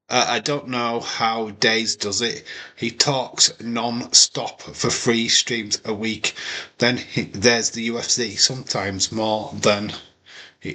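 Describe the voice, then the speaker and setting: Husky, bright-voiced man doing chatty commentary. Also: fairly low pitch. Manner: joking, chatty, often breaks into impressions. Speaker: watch-along host. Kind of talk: casual live commentary over a wrestling show.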